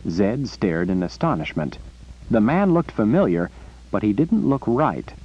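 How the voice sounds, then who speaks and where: A man reading an audiobook in a lively storytelling way. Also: lowish voice, a little slow, slightly rough. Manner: animated storytelling. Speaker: audiobook reader. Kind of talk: scripted narration. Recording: muffled lo-fi recording.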